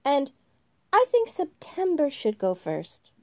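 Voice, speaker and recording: A woman's voice: high voice, huge pitch swings, slow pace, dark tone, voice pushed up, exaggerated voice. A woman doing a blunt, crude young woman. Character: blunt, earthy young woman, long blonde hair.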